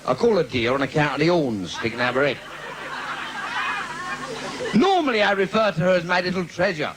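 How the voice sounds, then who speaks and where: Male stand-up, London accent, bawdy crowd banter, fairly high and animated, 1980s live tape hiss. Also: a little fast. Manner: cheeky, bawdy banter with the crowd, laughing at his own jokes. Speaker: stand-up comedian. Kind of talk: live comedy club routine. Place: live theatre with audience. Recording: noisy 1980s live video.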